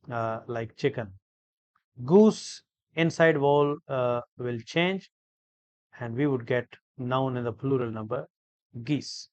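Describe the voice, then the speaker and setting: A man teaching an English grammar lesson, explaining each word slowly and deliberately, with frequent hesitations and repeated phrases. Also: mid-range voice, darkish tone, dry recording, dull audio. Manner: slow, deliberate, repetitive explanation with many hesitations.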